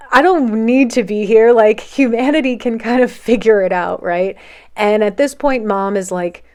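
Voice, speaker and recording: Casual woman narrator, mid-pitched, chatty storytelling full of fillers. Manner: loose, filler-heavy narration with "like" and "um". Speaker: narrator of a group's history series.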